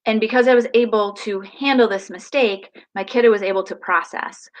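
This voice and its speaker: A woman hosting a live parenting advice talk, animated and emphatic as she speaks straight to viewers. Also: medium pitch, a little fast, highs cut off. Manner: animated, emphatic, acts out family dialogue.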